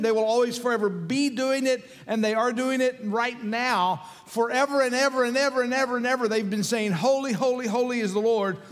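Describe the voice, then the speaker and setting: A man's voice: very high voice, in a large hall. A man preaching a sermon as pastor, emphatic and repetitive, building in intensity.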